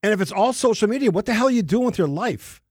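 A man's voice: high voice, lively intonation, fast talker, husky, no room sound, clean studio sound. Emphatic talk radio host, man. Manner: emphatic, exasperated. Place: radio studio.

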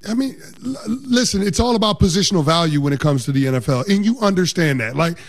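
A high-voiced man co-hosting a sports talk show as its football analyst. He breaks things down with confidence, dropping "like" often as he goes. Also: animated, fast. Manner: confident, explanatory, uses "like" often.

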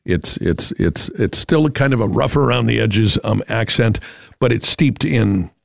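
A man's voice: on the low side, lively intonation, measured pace, vocal fry, no room sound, studio quality. A middle-aged man with a New England accent hosting a radio show, chatting in a rambling way with many fillers. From Massachusetts. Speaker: radio host. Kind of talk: casual talk radio.

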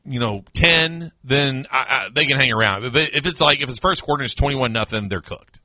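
Guy hosting sports radio, sarcastic rants, voice jumps all over the place, bright and dry. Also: mid-range voice, lively intonation, brisk, no echo. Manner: sarcastic, mocking, mimics fans in raised voice. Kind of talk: sports talk radio rant.

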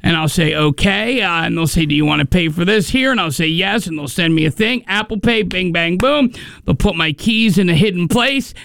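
A man's voice: high voice, normal speed, creaky, a bit bright, dry recording. A man co-hosting a morning radio show, bantering, laughing often and acting out characters in a studio. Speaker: radio co-host.

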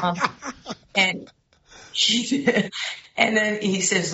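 A woman with a New York accent, a basketball head coach and guest, telling stories in a lively way and acting out the people she quotes. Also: medium pitch, slow, long pauses, echoey room, muffled recording. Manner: lively storyteller who acts out quoted voices. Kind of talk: animated storytelling interview.

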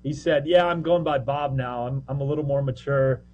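A man's voice: mid-range voice, highs cut off. A man who works as a minor league baseball broadcaster, chatting casually on a podcast with a joking, rambling manner. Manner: chatty, joking, quick asides.

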